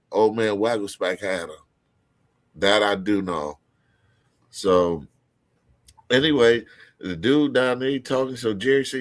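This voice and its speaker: Low-voiced man rambling through a story. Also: dry recording. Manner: rambling, profane, restarts mid-sentence. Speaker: guest storyteller. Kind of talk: casual podcast storytelling.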